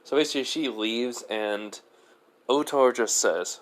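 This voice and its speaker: Man, rambling fan story narration, middle pitch, lots of fillers and restarts. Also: measured pace. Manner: rambling, fills with "basically", self-corrections. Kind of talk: improvised fan-fiction narration.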